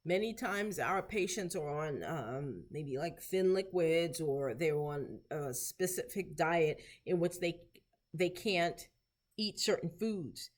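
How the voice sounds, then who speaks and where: A woman therapy clinician giving an instructional lesson, patiently repeating short phrases slowly so learners can practice. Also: lowish voice, lively intonation. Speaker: therapy clinician teaching Spanish.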